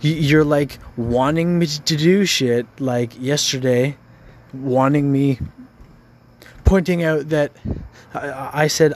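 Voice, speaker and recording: A man's voice: on the high side, takes it slowly, a little hiss or hum. A man venting in an angry rant, frustrated and profane, stumbling over repeated words.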